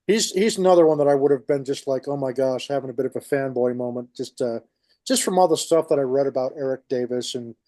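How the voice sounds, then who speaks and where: A man with a New York accent co-hosts a podcast in casual chat, his voice mellow and dark at a middling pitch. He tells stories in a rambling way, full of restarts, and the recording is dry and close with no room sound. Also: fast, no echo. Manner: rambling storyteller, many restarts. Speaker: podcast co-host.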